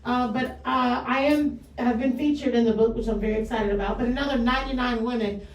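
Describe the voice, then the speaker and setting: A woman's voice: fairly high pitch, fairly even intonation, fast talker, reverberant, recorded from a distance, lo-fi sound. A woman hosting a radio show, chatting loosely and joking, swearing now and then. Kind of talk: casual on-air chat. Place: radio studio.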